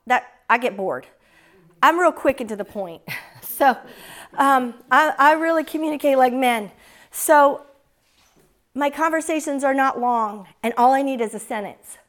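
A woman's voice: sits high, a bit bright. A woman preacher, telling a tearful personal story and then praying fervently over her congregation in a church. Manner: earnest, tearful, rising to fervent prayer. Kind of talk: emotional sermon and closing prayer.

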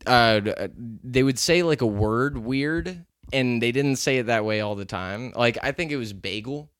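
Mid-range, clear and resonant, the man's voice keeps a moderate pace as he co-hosts a podcast. His casual story wanders loosely with many fillers, recorded at studio quality without any room sound.

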